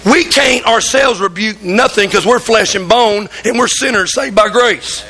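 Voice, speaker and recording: A man's voice: sits high, measured pace, bright, forceful tone, rough recording. A pastor preaching a fervent sermon in church, acting out voices in the stories he tells.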